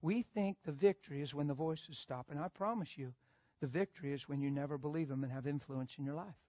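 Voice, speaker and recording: A male preacher telling a story in a sermon, animated and emphatic, moving between loud bursts and hushed asides. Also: a little high, fairly quick, no echo.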